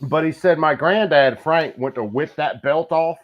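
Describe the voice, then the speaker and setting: A man's voice: fairly high pitch, moderate pace. A man telling joking stories from his childhood in a casual podcast chat. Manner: lively, joking storyteller. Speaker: podcast co-host. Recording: slightly dull lo-fi audio.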